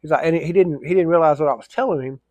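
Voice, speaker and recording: A man's voice: fairly high pitch, racing, darkish tone, dry recording. A man telling a casual, rambling story, full of fillers and restarts.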